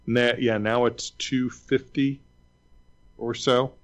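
A man's voice: mid-range voice, flat delivery, slow, lo-fi sound. A man telling a story in casual chat, hesitant with fillers and wry.

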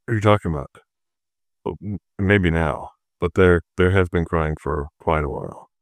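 A man's voice: deep voice, moderate pace, dry recording. A man in a casual chat, dropping wry one-liners. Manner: wry interjections.

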